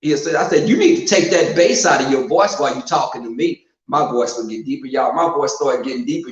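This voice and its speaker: A man telling casual stories at home, animated and loud when he quotes people, in an echoing room. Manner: animated, swings loud and high when quoting. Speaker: storyteller. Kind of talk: casual storytelling. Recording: roomy home echo, muffled sound.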